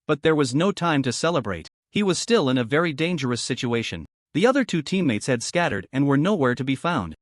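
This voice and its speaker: A man narrating a fantasy story recap in a lively, dramatic scripted reading. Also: fairly high pitch, no echo, studio quality.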